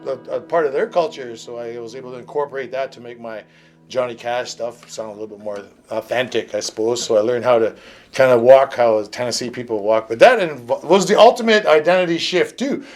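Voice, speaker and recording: A man's voice: mid-range voice, fairly quick, faint music behind. A man in his fifties from northern Ontario, a musician guest in a casual interview, telling stories in a laid-back way with casual swearing. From northern Ontario, Canada.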